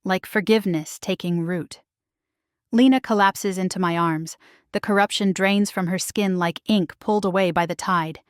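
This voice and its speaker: A woman reading a first-person paranormal romance story aloud, hushed and emotional. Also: on the low side, fairly even intonation, normal speed, clean tone, dry recording, studio quality. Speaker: narrator.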